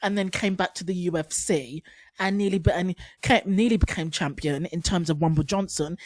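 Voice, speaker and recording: A woman's voice: on the low side, normal speed, dry recording. A woman giving casual commentary as a YouTube commentator, chatty with sarcastic asides.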